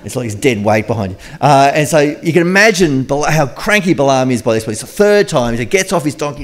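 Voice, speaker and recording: A man's voice: medium pitch, animated, quick pace, few pauses. A man preaching a conversational sermon, retelling a story in a chatty, joking way.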